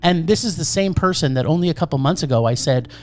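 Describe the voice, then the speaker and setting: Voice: medium pitch, fast, faint music behind. A podcast co-host giving a sarcastic, ranting movie review in casual chat. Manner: animated, sarcastic ranting critique.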